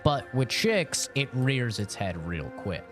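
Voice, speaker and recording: A man's voice: mid-range voice, sing-song, slow pace, over music. A young man streaming games and chatting casually, rambling frankly, swearing freely, and laughing often. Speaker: gaming streamer. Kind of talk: casual live-stream chat.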